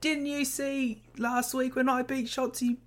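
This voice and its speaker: A man voicing a boastful young female wrestler in a British accent, mocking and pitched above his own voice. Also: little pitch movement, unhurried, fairly bright tone. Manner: mocking impression, higher-pitched than own voice.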